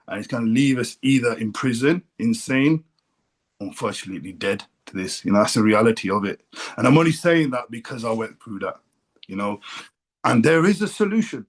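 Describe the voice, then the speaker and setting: A man's voice: medium pitch, husky. A middle-aged man from England giving a blunt, emotional personal share at a recovery meeting, swearing freely. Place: meeting room.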